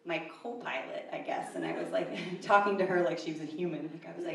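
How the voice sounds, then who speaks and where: A woman's voice: lowish voice, lively intonation, quick pace, hardly any pauses. A woman in her thirties telling a true story at a live event, chatty and self-deprecating with many fillers. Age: 30s. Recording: echoey room, mic far off, faint ambience.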